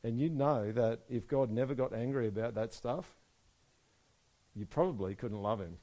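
A man preaching a sermon, moving between soft, quiet stretches and loud, emphatic passages. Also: medium pitch, normal speed. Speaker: pastor.

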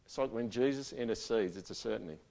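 Pastor, conversational and emphatic. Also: male voice, fairly low pitch, fast, creaky. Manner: conversational, swings from loud emphatic to quiet and intimate. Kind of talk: sermon. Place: church gathering.

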